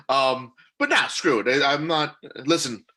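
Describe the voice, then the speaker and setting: A man's voice: mid-range voice, big pitch swings, measured pace, bright, forceful tone. A man co-hosting a casual podcast, giddy and laughing a lot, swearing freely. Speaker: podcast co-host. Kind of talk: casual joking chat.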